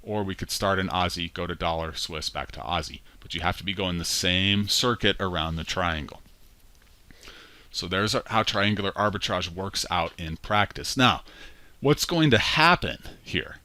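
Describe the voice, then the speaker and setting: A man's voice: sits low, moderate pace, sharp tone, no echo. A male instructor talking through a spreadsheet tutorial in a conversational way, correcting himself as he goes. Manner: conversational, walks through steps aloud with self-corrections. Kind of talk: screen-recorded spreadsheet tutorial.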